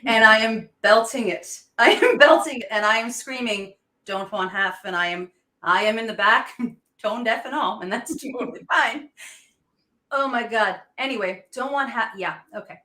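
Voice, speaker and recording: A woman in her thirties hosts a casual podcast chat, talking with the eager, laughing energy of a devoted fan. Her voice is bright and forward. The room around her is noticeably echoey. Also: fairly high pitch, normal speed. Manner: excited, gushing fan with frequent laughs. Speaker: podcast host.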